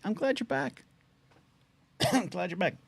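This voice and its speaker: A middle-aged man hosting a live call-in stream, chatting loosely and reading out chat names, his throat a little scratchy from shouting. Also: sits high, animated, vocal fry, breathy edge, no echo. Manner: chatty, quick asides, reads out chat names. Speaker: livestream call-in show host. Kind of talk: casual rambling live-stream talk.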